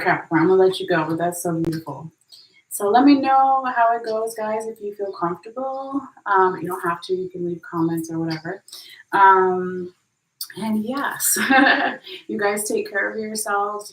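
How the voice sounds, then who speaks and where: A woman's voice: mid-range voice, slight background noise. Chatty woman reading tarot, echoey room. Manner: chatty, animated, tosses in "okay?" and "right?", laughs at her own slips. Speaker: tarot reader.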